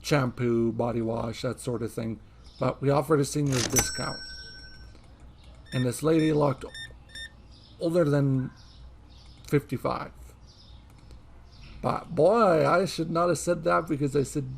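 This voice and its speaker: Chatty man with a gravelly voice. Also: mid-range voice, fairly even intonation, measured pace, pauses often, a little mellow, slight background noise. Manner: chatty, rambling anecdotes with frequent laughs. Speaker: gaming streamer. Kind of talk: casual gameplay commentary and storytelling.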